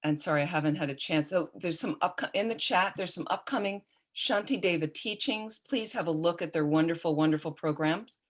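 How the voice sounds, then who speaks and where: A woman Buddhist teacher giving an online Dharma talk, telling stories in a relaxed, conversational way with fillers, then closing with a gentle, reflective dedication. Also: fairly low pitch, brisk, few pauses.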